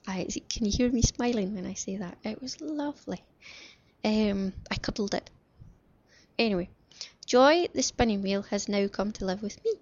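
Female podcast host, gravelly edge, chatty and self-mocking, dry lo-fi home sound. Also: medium pitch, dry recording. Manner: cheerful, rambling, self-deprecating asides. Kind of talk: chatty craft podcast talk. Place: bedroom at home. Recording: slightly dull lo-fi home recording.

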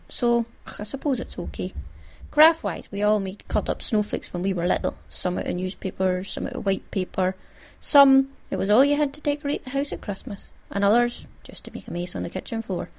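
Scottish woman, casual chat, wry, self-amused, somewhat high voice. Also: vocal fry, darkish tone. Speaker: podcast host.

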